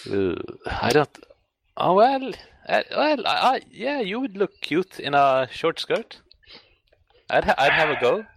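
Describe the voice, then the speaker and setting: A man's voice: on the high side, sing-song, measured pace, creaky, fairly bright tone, dry recording. A young man co-hosting a casual podcast chat, crude and joking, often stammering. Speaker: podcast co-host.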